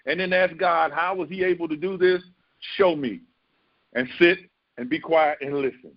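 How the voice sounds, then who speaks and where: Pastor, male, very high voice, emphatic conversational sermon, dry slightly muffled sound. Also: no room sound. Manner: emphatic, conversational preaching with repeated phrases.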